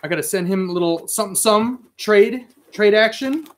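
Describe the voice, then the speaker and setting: A man hosting a casual live stream, reading out viewer comments with excitable, mildly profane chatter. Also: sits high, moderate pace. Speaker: host of a live toy and comics stream.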